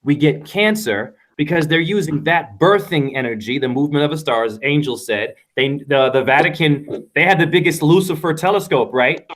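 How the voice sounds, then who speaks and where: A man's voice: fairly high pitch, a little fast, hardly any pauses, fairly bright tone. A man in a casual panel discussion, speaking fervently and emphatically, often repeating himself. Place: runs a dance studio.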